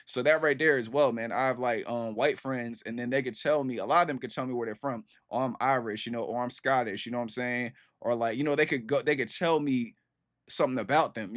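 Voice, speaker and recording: A man with a mid-range, fairly bright voice gives loose, rambling commentary on a song as a reaction host. His chat leans heavily on fillers like "you know what I'm saying."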